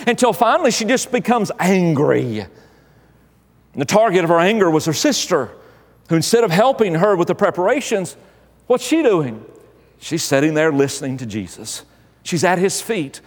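High-voiced preacher in an echoing church. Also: male voice. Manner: emphatic preaching with repeated phrases. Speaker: pastor. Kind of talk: sermon.

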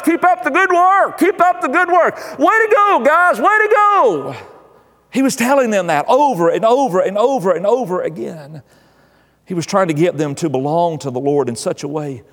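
A man's voice: high-pitched, darkish tone, in a large hall. A male pastor preaching a sermon, emphatic and exhorting, repeating key phrases.

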